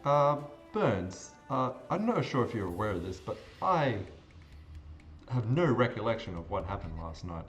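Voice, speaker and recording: Lively Australian game player. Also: male voice, lowish voice, moderate pace, faint music behind. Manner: casual, with lots of likes. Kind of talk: tabletop role-play.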